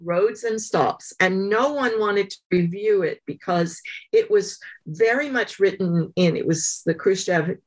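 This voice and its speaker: A woman guest author telling stories in an interview, in a thoughtful, measured way with many pauses. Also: mid-range voice. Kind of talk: interview conversation.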